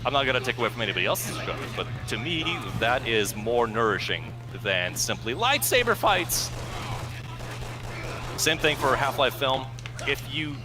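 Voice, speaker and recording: Male co-host, mid-pitched, wordy and analytical, loud game music behind him. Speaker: co-host gaming commentator. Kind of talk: casual gameplay chat.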